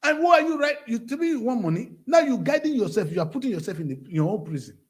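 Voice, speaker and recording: A Nigerian-accented man rants with fiery conviction, his voice pitched high and swinging wildly up and down. He preaches bluntly as the host of his own show. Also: sing-song, quick pace. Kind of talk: impassioned monologue.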